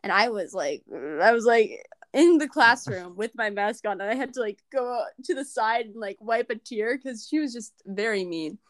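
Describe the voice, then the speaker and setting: Teenage girl, casual chat, animated and chatty, slightly high voice, dry close sound. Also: normal speed, no room sound. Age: teens. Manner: chatty, animated, laughing storyteller.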